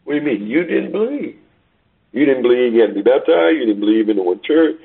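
A man preaching a sermon over a call, emphatic, swinging between loud peaks and quiet asides. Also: medium pitch, big pitch swings, fast, gravelly, husky. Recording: tinny phone line.

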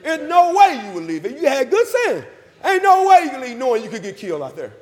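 A man preaching, his voice pitched very high for a man and ringing with the long echo of a church hall. He calls out to the congregation, repeats his lines and climbs to loud emphatic peaks. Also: wildly swooping pitch, fast talker. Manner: call-and-response, repeats phrases, rises to loud emphatic peaks. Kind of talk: sermon with invitation call.

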